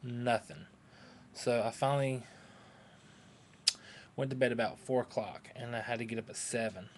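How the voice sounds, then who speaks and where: A man with a twang chats to his webcam from home, scattered and hyper even though he's running on no sleep. His pitch sits mid-range, and there's a faint hiss of room noise behind him. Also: moderate pace. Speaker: vlogger. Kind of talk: rambling casual webcam chat.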